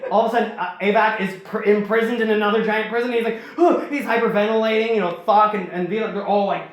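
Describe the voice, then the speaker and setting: Man, high voice, casual rambling storyteller, very echoey room. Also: fast. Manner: rambling, animated, swears freely. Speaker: podcast host.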